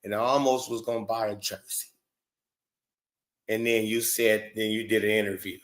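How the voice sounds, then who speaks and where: A man's voice: lowish voice, flat delivery, normal speed, fairly bright tone. Blunt, mocking man ranting at a clip. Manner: blunt, mocking, profane, talks back at a clip. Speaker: show host reacting to clips. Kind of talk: heated reaction commentary.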